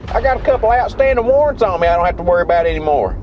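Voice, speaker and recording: A man voicing a crude, boisterous redneck brought back from the dead, with a Southern US accent and a loud, drawling, whooping manner in a radio comedy skit. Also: sits high, animated, racing, muffled recording, a little hiss or hum, pitched above the performer's own voice. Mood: rowdy.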